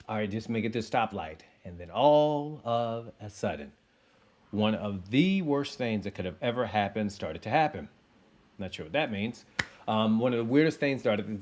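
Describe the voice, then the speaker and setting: A man in his thirties telling a casual personal story to his listeners, animated and playing out his own inner voice. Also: mid-range voice. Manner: animated, acts out sounds and inner voice. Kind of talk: casual anecdote told to listeners.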